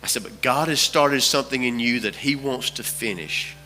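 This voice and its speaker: A man's voice: medium pitch, normal speed, bright, forceful tone, big-room sound, faint music behind. A man preaching a sermon as pastor, telling a story with repeated phrases for emphasis. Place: church sanctuary.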